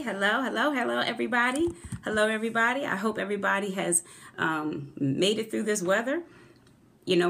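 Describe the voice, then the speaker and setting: A middle-aged woman giving a chatty live-stream motivational talk, greeting viewers by name in a warm, lively way. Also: medium pitch. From New Jersey. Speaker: motivational speaker and author. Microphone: phone camera.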